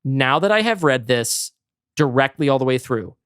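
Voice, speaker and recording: A man co-hosting a podcast, reading a screenplay aloud in plain, measured narration. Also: medium pitch, lively intonation, fairly bright tone, clean tone, no echo, clean studio sound. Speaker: podcast co-host.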